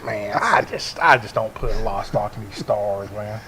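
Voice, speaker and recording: A man's voice: on the low side, animated, moderate pace, bright, forceful tone, a little hiss or hum. A man co-hosting a casual sports talk show with joking, laid-back banter.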